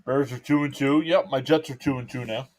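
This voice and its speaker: Casual male stream caller, mid-pitched, relaxed play-by-play mixed with chat. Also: fairly quick. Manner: relaxed, chatty, reads viewer comments aloud. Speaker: live stream baseball commentator.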